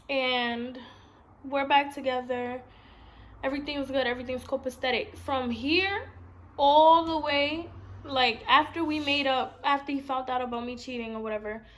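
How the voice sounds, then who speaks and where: A woman's voice: sits high, a bit bright. Blunt, profane young woman vlogger. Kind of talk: casual storytime vlog.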